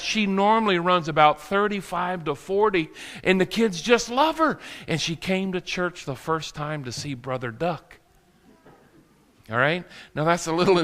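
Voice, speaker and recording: A man's voice: medium pitch, fairly bright tone, in a large hall. A man preaching a sermon, telling stories with acted quotes and laughter. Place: church sanctuary.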